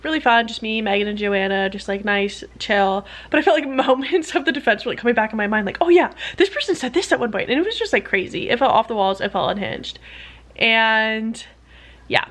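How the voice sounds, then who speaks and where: This vlogger, who is a PhD student, has a slightly high pitch and a relaxed, chatty way of addressing her camera. Her story tumbles out fast, full of "like," and she breaks into high, animated voices to act out what others said.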